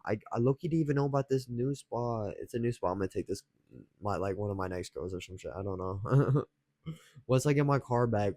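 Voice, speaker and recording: A man's voice: lowish voice, a little mellow, no room sound. A young man telling a rambling story in casual chat as a dating advice vlogger, slangy, swearing freely and chuckling often.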